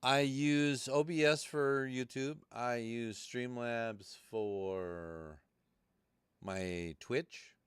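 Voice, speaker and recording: A man's voice: mid-range voice, very slow, smooth, no room sound, clean studio sound. A man hosting a live podcast stream, talking loosely and cursing as he rambles through tech troubles. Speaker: podcast host. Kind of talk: casual live-stream chat.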